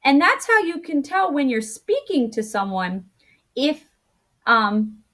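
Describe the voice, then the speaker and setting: A woman teacher giving a grammar lesson to children. She explains patiently step by step, corrects herself as she goes and acts out intonation with big jumps in pitch. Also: sing-song, slow pace, bright, forceful tone. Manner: self-correcting, thinks aloud.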